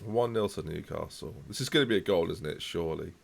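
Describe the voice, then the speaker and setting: A young man commentating live on his football management game, reacting loudly to the match and chatting to viewers. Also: low voice, fast talker, vocal fry.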